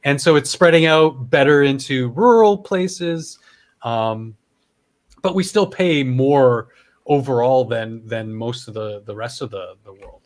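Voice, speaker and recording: A man's voice: medium pitch, measured pace. A man from Canada hosting a podcast, talking in a casual, rambling way with frequent restarts and swearing. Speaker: podcast host. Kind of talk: casual chat.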